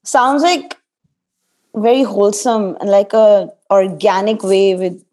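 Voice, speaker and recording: A woman's voice: mid-range voice, steady tone, slow, darkish tone. A woman interviewing a guest in casual chat, asking rambling questions full of fillers and encouraging replies.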